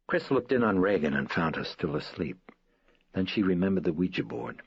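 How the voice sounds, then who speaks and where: A man with a very deep, husky voice reads a horror novel in a measured, somber manner. The sound is close and dry, with slightly dull highs. Faint music sits beneath him. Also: expressive, dry recording. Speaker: audiobook narrator. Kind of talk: scripted horror narration.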